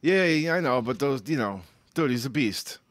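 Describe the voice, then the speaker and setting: A man's voice: mid-range voice, expressive, normal speed, dry recording. A man co-hosting a casual podcast with the hiccups, blunt and profane. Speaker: podcast co-host. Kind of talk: casual chat.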